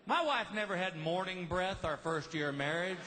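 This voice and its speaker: Guy doing stand-up live, highish voice that jumps all over, crowd noise behind. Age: middle-aged. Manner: lively storytelling, acting out quick voices. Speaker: stand-up comedian. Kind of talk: stand-up comedy routine. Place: large live venue with audience.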